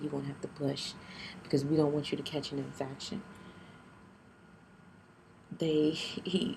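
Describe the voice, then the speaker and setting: A young woman tells a painful personal story to her camera, in a low, gravelly voice that barely rises or falls. She speaks haltingly and tearfully, restarting often and keeping her voice down. Clear noise runs behind her recording. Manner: keeps her voice down. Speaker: vlogger.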